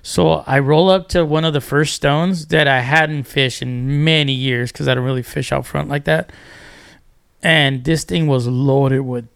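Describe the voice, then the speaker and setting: A man's voice: a little high, fairly even intonation, unhurried, creaky, a bit bright, clean tone. A man chatting as a podcast guest, telling fishing stories animatedly, acting out quotes and restarting often. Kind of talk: casual storytelling.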